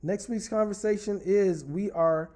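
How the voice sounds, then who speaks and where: Speaking a little slowly in a high, dark-toned voice, a man runs a relationship talk show livestream. He reads out comments from viewers, chatting casually, teasing them in fun, and talking right at the audience.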